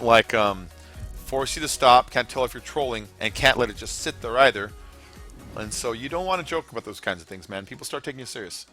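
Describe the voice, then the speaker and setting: A man's voice: medium pitch, bright, forceful tone. A man streaming a racing game, rambling casually to his chat viewers with lots of fillers. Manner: rambling, chatty, many fillers, talks straight to chat viewers. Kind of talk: casual live-stream commentary while racing.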